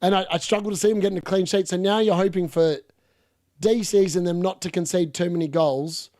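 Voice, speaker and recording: A man with an Australian-tinged English accent talks through a live football watch-along, chatty and blunt with casual swearing. His voice sits a little high for a man. The sound is dry and close. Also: steady tone, brisk, dark tone, no echo. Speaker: fantasy football streamer.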